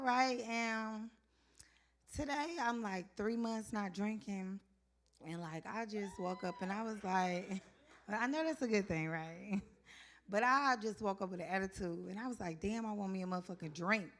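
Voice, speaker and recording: A woman's voice: on the high side, fairly bright tone. A woman doing casual stand-up at an open mic, chatty and rambling, often losing her thread and laughing at herself. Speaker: stand-up comedian. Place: open mic venue stage.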